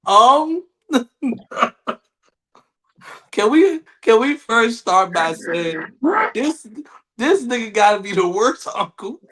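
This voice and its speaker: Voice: mid-range voice, very animated, slow pace, pauses often, a bit bright. A podcast host reacting to clips in casual chat, laughing and profane.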